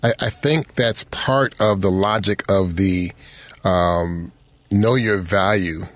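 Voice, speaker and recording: A man's voice: low voice, takes it slowly, no room sound. A man hosting a talk show, teasing his guests and then speaking earnestly. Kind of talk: casual talk show chat.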